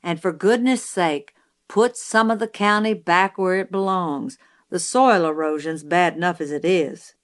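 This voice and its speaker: A woman voicing a calm, dryly joking middle-aged father in an audiobook, with a slightly low pitch. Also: a little slow, close to an everyday voice. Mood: dry kindly. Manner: pleasant and dry, gently joking. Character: calm dry-humored small-town father, middle-aged man. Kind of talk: audiobook character reading.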